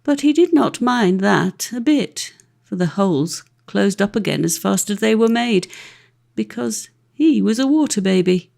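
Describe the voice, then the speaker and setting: A woman narrating a classic fairy-tale audiobook with an expressive, lively reading. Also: mid-range voice, unhurried, vocal fry. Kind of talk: storybook narration.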